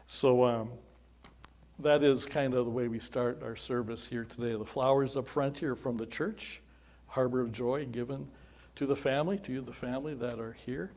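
Welcoming mourners to a modest memorial service, a middle-aged pastor tells folksy stories in a conversational way, quoting dialogue and adding asides. He speaks at a moderate pace in a steady, medium-pitched voice with a darkish tone.

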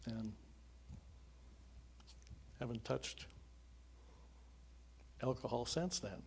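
Middle-aged man, pastor giving a sermon as testimony; conversational, earnest, dark mellow tone. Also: mid-range voice, breathy edge. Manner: earnest and conversational, with chuckling asides.

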